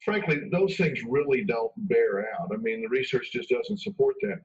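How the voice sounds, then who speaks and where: A man appears as an expert guest in a radio interview, emphatic and conversational, acting out quoted lines. His mid-range voice is sing-song at a normal speed, and the radio broadcast sounds dull and far off.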